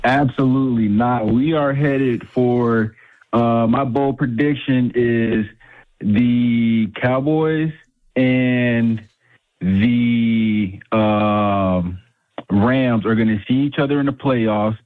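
Male radio contributor phoning in, tinny line, mid pitch, confident and unhurried. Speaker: sports show contributor. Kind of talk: sports talk radio.

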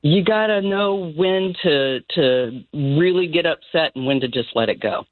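A woman's voice: deep voice, expressive, unhurried, dry recording. Older woman on a tinny phone line. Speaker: caller. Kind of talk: phone call to radio show.

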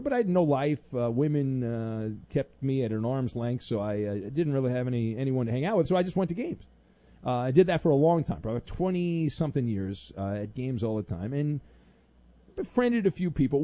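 A man's voice: mid-range voice, warm tone, no room sound. A middle-aged man hosting a sports radio show, talking in a rambling, casual way with many fillers and wry asides.

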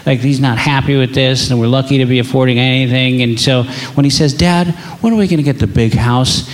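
A man's voice: medium pitch, fairly even intonation, a little fast. A man doing stand-up comedy, telling stories about his family in an exasperated, profane way. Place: comedy stage with live audience.

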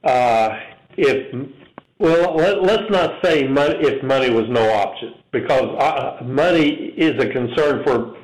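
A man hosting a casual interview, curious and hesitant, pausing on many fillers as he asks his questions. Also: mid-range voice. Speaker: interview host. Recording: echoey room.

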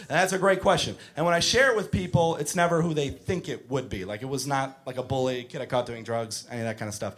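A man doing stand-up, telling a story and building to shouted punchlines. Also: medium pitch, fast, hardly any pauses. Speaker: stand-up comedian.

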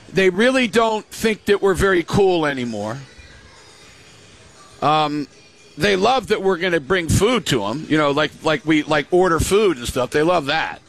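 An older man chats casually, spinning family stories and slipping into the voices of the people he quotes. His voice sits high and has a rough, gravelly edge. Faint music plays behind him. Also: a bit bright. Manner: storytelling, acts out quoted voices. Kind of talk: casual chat.

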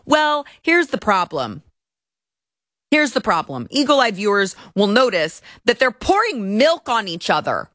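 A woman's voice: a little high, sing-song, normal speed, fairly bright tone, no room sound, studio quality. A woman from Texas hosting a commentary stream, ranting indignantly and stumbling over restarts as she talks. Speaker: political commentary host. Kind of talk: opinion livestream commentary.

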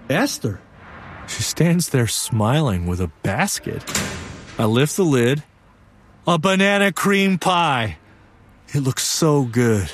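A man's voice: mid-range voice, natural voice. A man playing an earnest young storyteller. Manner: lively, earnest, wry storytelling. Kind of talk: one-man stage play narration.

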